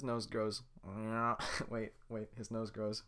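A man's voice: lowish voice, completely flat delivery, extremely slow, hardly any pauses, a bit bright. A man casually retelling a film scene by scene, rambling and interrupting himself as he narrates. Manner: rambling, self-interrupting with fillers.

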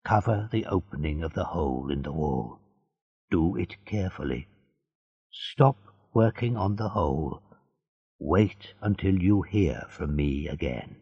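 A man voicing a frail, sad old male prisoner who speaks in a measured, instructive way, on a slightly muffled recording. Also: extremely low pitch, expressive, creaky, darkish tone, breathy edge, in a large hall, voice pushed down, full character voice. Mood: instructing.

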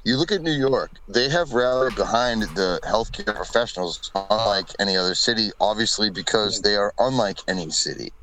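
A man's voice: fairly low pitch, normal speed, few pauses, a crowd in the background, low-quality recording. A man co-hosting a podcast in casual chat, blunt, opinionated and profane. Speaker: podcast co-host.

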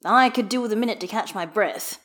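A woman's voice: mid-range voice, a little fast, fairly bright tone, lightly acted. A woman reading a wry, easygoing man. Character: wry, easygoing male figure skater.

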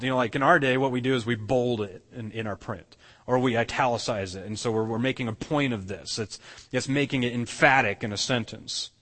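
A man's voice: medium pitch, a bit bright, in a large hall. A man preaching a sermon as pastor, earnest, often restarting and repeating words as he explains. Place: church sanctuary.

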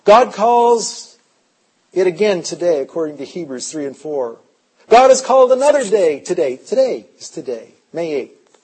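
A man preaching a sermon with a rather high voice. He moves between hushed, slow confession and loud, urgent, rising appeals. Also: sing-song, breathy edge, rough recording. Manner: impassioned, swings from hushed to loud. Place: conference hall.

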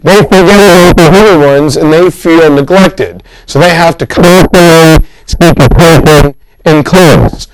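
A man's voice: a little high, measured pace, rough recording. A man teaching a history class in a casual lecture, joking and teasing his students.

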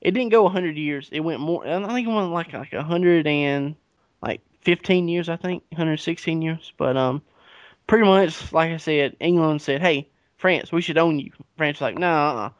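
A man's voice: fairly high pitch, moderate pace, no echo. A man, casually retelling history on a podcast with profanity and acted-out dialogue. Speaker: podcast co-host. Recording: dull lo-fi recording.

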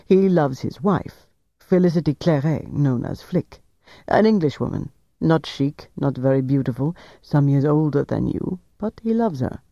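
A man voicing a calm, calculating interrogator. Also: a little high, measured pace, dry recording, lo-fi sound. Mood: coaxing. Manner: smooth, gently persuasive. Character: cool, calculating male officer interrogator.

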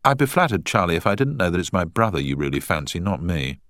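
A man's voice: deep voice, very animated, fast, a bit bright, dry recording. A man voicing a cool, witty young woman solicitor with curt, dry put-downs.

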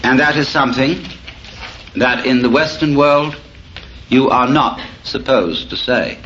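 A man's voice: mid-range voice, unhurried, fairly bright tone. A middle-aged man giving a public lecture to an audience, wry and storytelling. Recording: dull lo-fi tape of a lecture with faint hiss.

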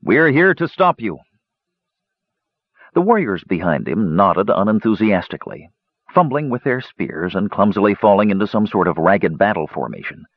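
A man narrating a fantasy story with expressive storytelling. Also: low voice, normal speed, no echo. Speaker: audiobook narrator. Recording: dull lo-fi dry recording.

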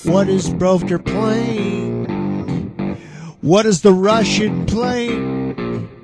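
A man's voice: high voice, huge pitch swings, extremely slow, vocal fry. A man ranting profanely as he comments on music, mocking, and stretching out repeated questions. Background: faint guitar playing.

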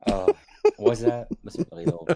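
A man's voice: medium pitch, expressive, normal speed, gravelly, dark tone. A man co-hosting a podcast, chatting casually and reading news aloud with many fillers. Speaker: podcast co-host.

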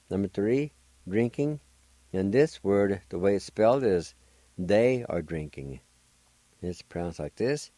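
A man's voice: lowish voice, lively intonation, measured pace, warm tone, dry recording. An older man with a Cherokee accent, hosting a radio language lesson and patiently spelling out words letter by letter. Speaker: language teacher and radio host.

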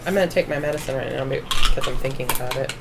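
A woman's voice: a bass voice, fast, gravelly, very noisy. A middle-aged mother co-hosting a casual family podcast, chatty and rambling with frequent laughter.

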